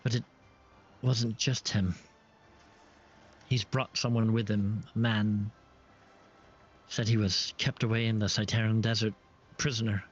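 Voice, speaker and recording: A man's voice: on the low side, flat delivery, unhurried, long pauses, breathy edge, lo-fi sound, faint music behind. A man voicing a fearful secretive mother. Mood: urgent.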